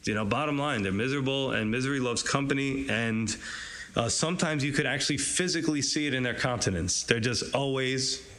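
A man's voice: medium pitch, brisk, a bit bright. A man teaching a casual, conversational verse-by-verse sermon, with lots of "you know" asides and frequent chuckles. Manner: conversational, chuckles often, many fillers and asides. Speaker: pastor teaching a Bible study.

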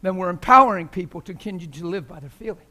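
Speaking very fast in a high, animated voice, a man preaches as a visitor at a church. He's fervent and joking, frequently laughing through the sermon, with his volume ranging from quiet to loud.

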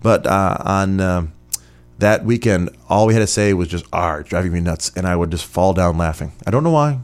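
Give me a deep-voiced man from Rochester, New York, hosting a casual podcast Q&A, chatty and rambling. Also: moderate pace, smooth. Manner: rambling, chatty, many fillers. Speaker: podcast host. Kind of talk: casual listener Q&A.

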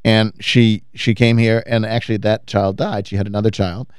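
A man's voice: on the low side, level tone, normal speed, clean tone, no echo, studio quality. A man co-hosting a radio show in casual banter, with a sardonic, self-deprecating way of talking.

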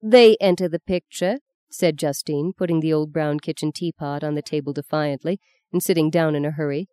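A woman narrating a novel aloud in a calm, measured storytelling voice. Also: deep voice, clear, resonant tone. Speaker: audiobook narrator. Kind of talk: scripted narration.

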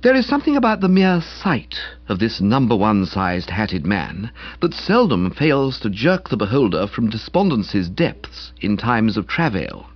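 A man narrating a comic novel aloud in an expressive, wide-ranging storytelling delivery with a husky voice. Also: lowish voice, moderate pace, dry recording. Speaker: audiobook narrator. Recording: slightly dull lo-fi recording.

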